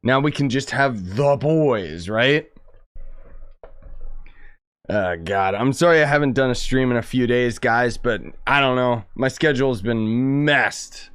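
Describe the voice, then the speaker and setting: A man's voice: mid-range voice, a little slow, fairly bright tone, clean tone, no room sound. A man streaming a game, chatting casually, rambling and joking with lots of restarts. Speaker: gaming streamer. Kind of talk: casual gameplay chat.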